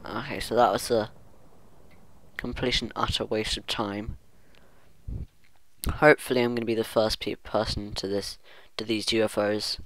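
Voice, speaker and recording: A man's voice: on the low side, fairly even intonation, normal speed, pauses often, a bit bright. A man talking through his own gameplay in a rambling let's-play commentary, musing aloud to himself and humming now and then. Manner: rambling self-talk, hums and muses aloud. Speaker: gaming channel host.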